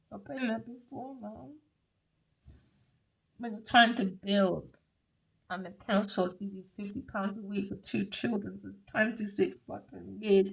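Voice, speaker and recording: Gravelly British woman reading tarot. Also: mid-range voice, low-quality recording. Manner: blunt, raw and confessional, swears freely. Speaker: tarot reader. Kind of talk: unscripted tarot reading vlog.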